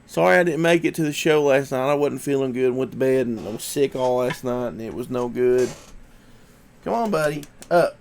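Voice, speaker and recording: A man's voice: medium pitch, normal speed, vocal fry. Laid-back male streamer with the sniffles, chatty and coaxing. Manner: easygoing, chatty, coaxing his dog. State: sniffly from allergies. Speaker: livestream host. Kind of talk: casual livestream chat.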